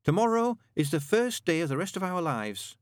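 A man's voice: high-pitched, sing-song, moderate pace, dry recording, studio quality, voice pushed up. A man reading aloud and voicing an earnest, hapless young man with a meek, mumbling manner.

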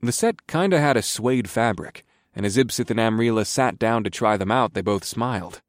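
A man narrating a story in the first person in a relaxed, conversational way. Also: fairly low pitch, moderate pace, no room sound, clean studio sound. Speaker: audiobook narrator.

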